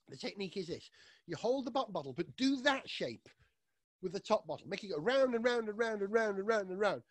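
A man leads an enthusiastic science demonstration for children from his living room. His voice sits high and swings widely in pitch as he talks. The sound is dry and close, with no room echo. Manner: enthusiastic, playful, addresses children directly. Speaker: science presenter.

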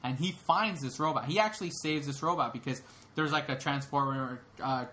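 A man's voice: mid-range voice, fairly quick, bright, forceful tone, a little hiss or hum. A young man co-hosting a podcast, retelling a film in casual chat, rambling with lots of fillers and restarts. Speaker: podcast co-host.

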